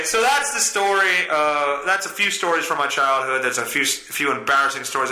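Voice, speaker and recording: A man's voice: medium pitch, bright, forceful tone. A man hosting a podcast, telling stories in a casual, crude, self-mocking way. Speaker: podcast host. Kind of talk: casual solo storytelling. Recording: roomy echo.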